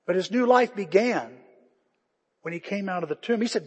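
A male pastor preaching a sermon, impassioned, swinging from loud calls to hushed pleas. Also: high-pitched, expressive, moderate pace, husky. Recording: echoey church hall.

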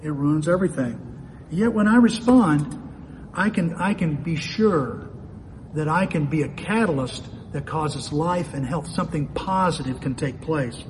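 Pastor guy preaching, kinda high voice, folksy, big echoey hall, little background hum. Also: animated, unhurried. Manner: folksy, asks himself questions aloud. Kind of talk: sermon. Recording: long reverb of a hall, faint ambient noise.

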